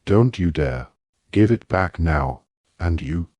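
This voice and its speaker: A man reading an audiobook, voicing a furious teenage witch girl who scolds sharply and loudly. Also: low-pitched, animated, takes it slowly, no echo, heavily acted. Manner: sharp scolding, loud outbursts.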